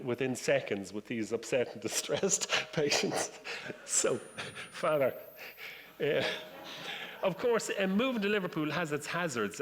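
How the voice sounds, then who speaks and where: An Irish man in his sixties giving a humorous talk to an audience, telling stories with self-deprecating wit. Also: medium pitch. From Ireland. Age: 60s. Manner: anecdotal, self-deprecating storytelling. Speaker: guest speaker. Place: lecture room with audience. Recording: distant reverberant hall, faint noise.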